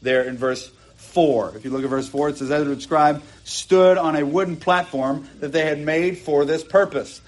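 A man's voice: on the high side, normal speed, hardly any pauses. Man preaching an earnest sermon. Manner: earnest, emphatic preaching with rising bursts and asides. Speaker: pastor. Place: church, preaching from a pulpit.

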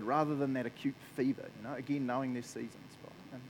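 A man's voice: medium pitch, steady tone, fast talker, a little hiss or hum, low-quality recording. A man preaching a casual, chatty sermon in church, laughing often and using lots of fillers. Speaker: pastor.

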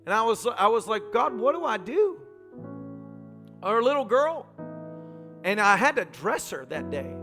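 A male pastor preaching a sermon, telling vivid personal stories in quick, emphatic phrases. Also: high-pitched. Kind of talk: sermon storytelling.

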